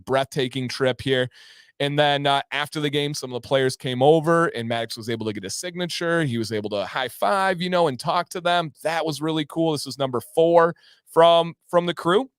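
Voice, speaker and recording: Upbeat male livestream host, smooth voice. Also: a little high, no echo, studio quality. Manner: enthusiastic, reads out viewer names. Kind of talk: casual livestream chat.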